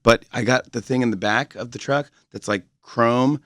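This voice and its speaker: A talk show host, a man of medium pitch speaking at normal speed, visits a radio studio as a guest and tells stories casually and animatedly, often restarting through laughter. There's no room sound.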